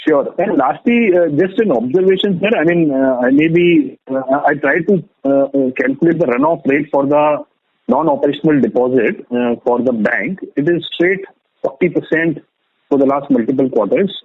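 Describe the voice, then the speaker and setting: Brief: male analyst, husky voice, halting questions, tinny phone line. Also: a little high, animated, no echo. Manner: hesitant, many fillers. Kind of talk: earnings call questions.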